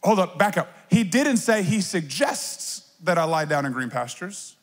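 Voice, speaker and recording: A man preaching a lively sermon as a pastor, acting out little voices and playful asides. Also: sits high, measured pace, big-room sound.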